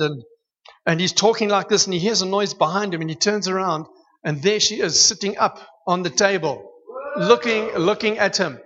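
A man preaching a sermon in a church hall, telling stories with lively humor. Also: high-pitched, brisk. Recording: dull echoey hall recording.

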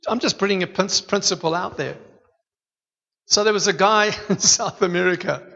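A man preaching a sermon in a church hall, telling stories with lively humor. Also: high voice, normal speed, vocal fry. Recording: dull echoey hall recording.

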